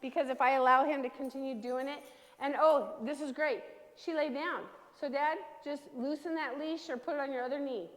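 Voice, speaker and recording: Leading a dog training class, a high-voiced woman walks owners through each step, often checking in with a quick "okay?" Her intonation stays fairly even, and a long reverb suggests she was recorded in a hall.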